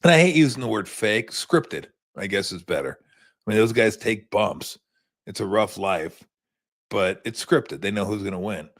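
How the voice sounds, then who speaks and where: A man's voice: fairly low pitch, expressive, moderate pace. A man in his fifties hosting a sports show, telling rambling stories in a laid-back, casual postgame chat.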